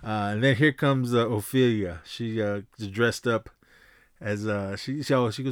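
A man hosting a podcast, casually recapping a film in a rambling, halting way, with lots of fillers and restarts and the odd chuckle. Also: lowish voice, steady tone, clean tone, no echo, studio quality. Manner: chuckles while retelling. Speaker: podcast host.

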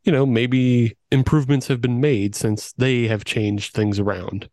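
A man co-hosting a beer podcast, his voice at an ordinary middle pitch, blunt and quick to curse and laugh. The recording is close and completely dry. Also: steady tone, darkish tone, no room sound. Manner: blunt, sweary, laughs often. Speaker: podcast co-host. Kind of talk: casual chat over beers.

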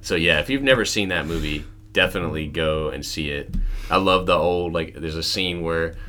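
A man hosting a podcast, chatting casually and acting out film scenes in high put-on voices. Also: moderate pace, sharp tone, soft background music. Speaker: podcast host. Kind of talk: casual chat.

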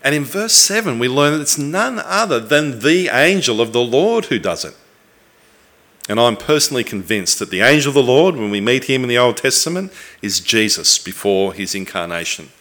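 A man preaching a sermon, earnest and reflective, with thoughtful pauses and the odd restart. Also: medium pitch, very animated, fairly bright tone.

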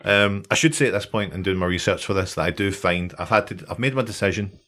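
A man's voice: low-pitched, fast talker, bright, forceful tone. Jokey, sweary Scottish man. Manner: jokey, sweary, laughs often. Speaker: podcast host. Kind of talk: casual chat, storytelling.

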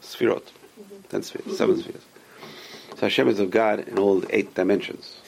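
A man leads a casual Torah lesson in a voice with a gravelly rasp. He explains patiently, repeats his key points and poses questions only to answer them himself. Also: fairly low pitch, fairly even intonation, normal speed. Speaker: rabbi teaching a class.

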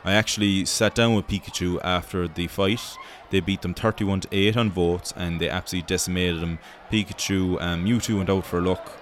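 Brief: Irish male host, very low voice, sweary rambling banter in mock sports-commentary style. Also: fairly even intonation, fairly quick, few pauses, slight background noise. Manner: profane, joking, rambling banter.

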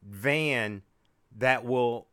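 A man's voice: mid-range voice, drawn-out words, a bit bright, clean tone. A man co-hosting a casual podcast chat, joking and wry, rambling through restarts. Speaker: podcast co-host.

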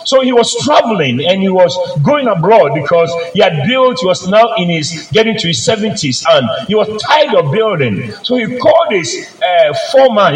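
Male preacher, lively storyteller voice with wide swings in pitch, recorded in an echoey church. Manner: personal storytelling, calls for amens. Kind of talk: sermon. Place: church service.

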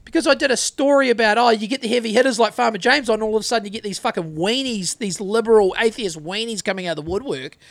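A man's voice: high-pitched, fast talker, creaky, hardly any pauses. A man co-hosting a podcast, ranting bluntly and swearing constantly in casual chat. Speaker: podcast co-host.

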